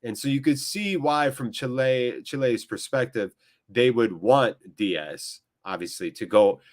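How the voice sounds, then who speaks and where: Excitable man calling a live watchalong. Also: mid-range voice, measured pace. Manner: excitable, jokey, chatting with viewers between play calls. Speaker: fan channel host. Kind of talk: live watchalong match commentary.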